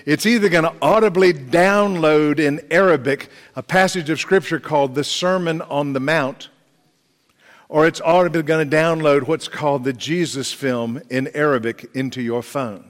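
A male preacher delivers a sermon as vivid, dramatic storytelling, his voice sitting a little high. His words ring out with a long reverb through a church hall. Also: normal speed. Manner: dramatic storytelling, rising intensity.

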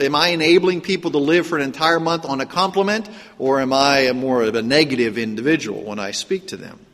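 A pastor with a faint Pittsburgh accent gives a sermon in a church sanctuary. His voice sits a little high for a man, and he talks in an easy, conversational way, asking his listeners question after question. A long reverb from the hall trails after each phrase. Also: a bit bright. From Pittsburgh, Pennsylvania. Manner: conversational preaching, frequent rhetorical questions and restarts.

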